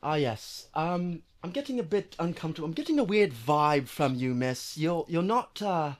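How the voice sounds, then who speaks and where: A man doing a fussy, thin-skinned wizard with a put-on accent, lively in pitch and quick to take offence, in an improv comedy scene. The voice rises and falls widely, low and hushed when grumbling. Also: a little hiss or hum, close to an everyday voice. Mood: uncomfortable. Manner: prim, easily offended, fussy. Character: ugly peeved wizard with a horn on the chest. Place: games venue.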